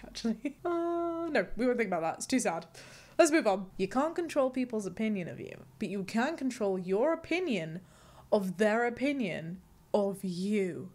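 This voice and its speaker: A woman's voice: mid-range voice, darkish tone. A young woman hosting a casual chat, bubbly and self-mocking, often breaking into giggles. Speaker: host.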